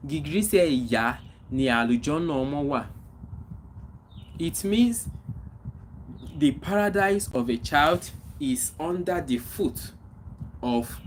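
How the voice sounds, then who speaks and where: Male streamer, casual chat with viewers, mid-range voice, faint background noise. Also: mid-range voice. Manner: reads out viewer comments and greets them by name; animated greetings, then slower reflective talk. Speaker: livestream host.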